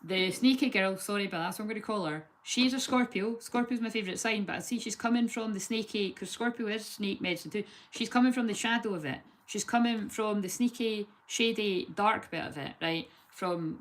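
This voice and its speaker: A woman giving a casual, rambling tarot reading full of lively chatty asides. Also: medium pitch, brisk, hardly any pauses. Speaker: tarot reader.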